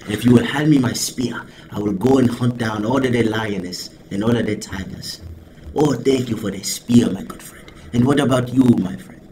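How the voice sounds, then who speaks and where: Young man doing an overly polite, cheerful voice, quieter than his own. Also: medium pitch, moderate pace, a little hiss or hum, natural voice. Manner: formal, exaggerated.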